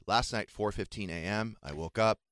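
A man's voice: on the low side, moderate pace, a bit bright, no echo, studio quality. A man co-hosting a radio show, telling wry, self-mocking stories in casual banter.

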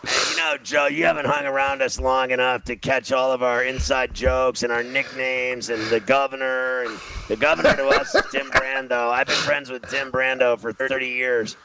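Gravelly rambling middle-aged man. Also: mid-range voice, little pitch movement, normal speed, sharp tone, slight background noise, poor audio. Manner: rambling storyteller, swears, self-mocking. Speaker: sports podcast host. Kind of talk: casual sports betting chat.

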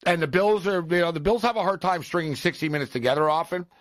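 A man's voice: fairly high pitch, fast talker, dry recording. Guy hosting a sports show, chatty and jokey, dry sound. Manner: joking storyteller, lively banter. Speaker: sports talk host. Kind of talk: casual sports chat.

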